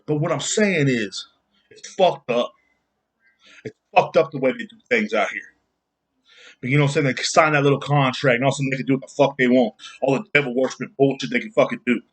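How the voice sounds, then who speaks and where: A man's voice: on the high side, fairly bright tone, breathy edge. A man hosting a podcast, ranting angrily and bluntly with constant swearing and the odd laugh. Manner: angry, swearing, blunt, laughs at own jokes. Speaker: podcast host. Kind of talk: profane solo rant.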